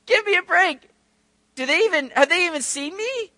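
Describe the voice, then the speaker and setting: An old woman who can't believe what she's hearing, scoffing and mocking the whole notion, voiced by a man. The voice jumps high and strained, and the delivery is bright and cutting. It comes across close and dry, with no room around it. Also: expressive, normal speed, dry recording, full character voice. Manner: mocking, exasperated disbelief.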